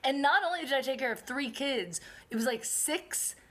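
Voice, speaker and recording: Comedian woman, 30s, casual chat, bright forceful tone, acts out her stories. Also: sits high, moderate pace. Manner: animated storyteller, acts out scenes with sudden screams. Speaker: guest comedian.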